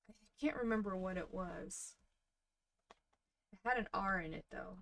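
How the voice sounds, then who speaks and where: A woman in her thirties hosting a crafting livestream, chatting softly and casually with her viewers while she works. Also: medium pitch, moderate pace, vocal fry, long pauses, slight background noise. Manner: soft-spoken, chatty, talks to viewers in the chat.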